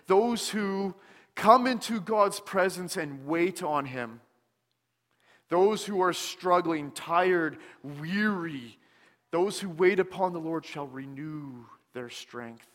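A man preaching a sermon in a church, speaking slowly and deliberately with many pauses, often dropping to a soft, hushed tone. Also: on the high side, big-room sound. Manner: slow, deliberate delivery with frequent pauses, dropping softer on scripture. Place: church sanctuary.

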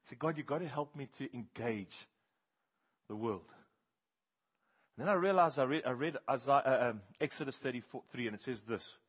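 A man preaching a sermon, firing questions at the congregation and swinging between hushed and loud passages. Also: mid-range voice, moderate pace, pauses often, breathy edge, muffled recording.

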